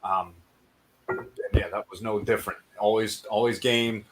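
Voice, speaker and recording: A man co-hosting a fight show and recapping bouts in a steady, measured casual way. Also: fairly low pitch, slight background noise, low-quality recording. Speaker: co-host and fight commentator.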